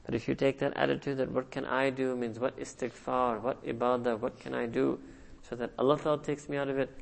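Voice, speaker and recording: A man's voice: medium pitch, flat delivery, a little fast, creaky, noisy background. A man giving a sermon as a religious teacher, repeating phrases rhetorically and checking in with a questioning "hmm?". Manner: quotes Arabic and Urdu phrases.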